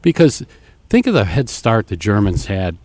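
A man co-hosting an interview, explaining things in a measured way. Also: on the low side, sing-song, darkish tone, no room sound. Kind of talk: conversational explanation.

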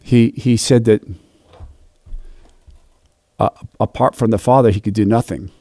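A man's voice: fairly low pitch, a little slow, no room sound. A man leading a youth Bible study, telling a story in a reflective, devotional way and acting out the dialogue. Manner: animated, acts out quoted dialogue.

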